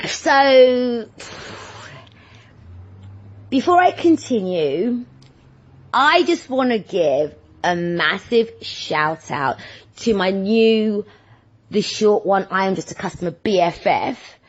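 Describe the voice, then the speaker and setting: A woman vlogger telling everyday stories in a rambling, animated, self-deprecating chat. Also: medium pitch, takes it slowly, pauses often. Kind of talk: casual chatty monologue. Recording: dull lo-fi sound.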